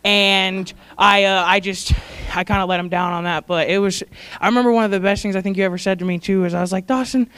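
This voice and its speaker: Smooth-voiced young woman, choked-up and rambling. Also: mid-range voice, flat delivery, fast, fairly bright tone. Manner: rambling, affectionate, laughing, fighting back tears. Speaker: church staff speaker honoring graduates. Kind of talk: heartfelt tribute speech. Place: church service.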